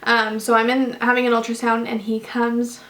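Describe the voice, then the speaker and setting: A woman's voice: on the high side, flat delivery, normal speed, a bit bright. Chatty young woman vlogger. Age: young adult. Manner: chatty, rambling, many fillers and restarts. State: tearful at times. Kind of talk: casual storytelling to camera.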